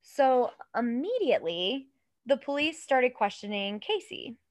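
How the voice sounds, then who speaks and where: A woman in her thirties co-hosts a podcast, casually telling a true crime case in a loose, chatty way, swearing, laughing, and acting out quoted voices. Her voice is a little high, very animated and a little slow, with no room sound and poor audio.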